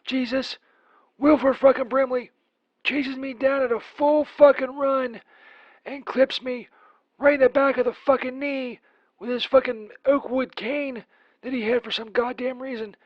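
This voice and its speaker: A man's voice: extremely high pitch, steady tone, unhurried, dry recording, highs cut off. A man voicing a crude, rambling Saint Peter who leaves a profane voicemail full of filler words, as a comedy bit. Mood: ranting.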